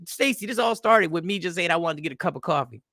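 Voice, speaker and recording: A man hosting a podcast, telling rambling stories in a loose, animated comedic monologue. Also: high-pitched, fast, creaky, dry recording, studio quality. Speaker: podcast host.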